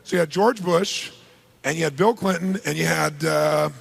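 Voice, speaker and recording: A man giving a live seminar talk to a large audience, energetic and punchy, polling the crowd with quick questions. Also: a little high. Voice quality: gravelly, husky. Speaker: seminar speaker.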